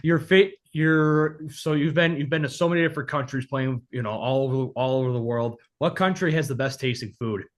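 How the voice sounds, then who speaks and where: A male interviewer asking quick, casual questions, often restarting mid-sentence. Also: medium pitch. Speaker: interviewer host.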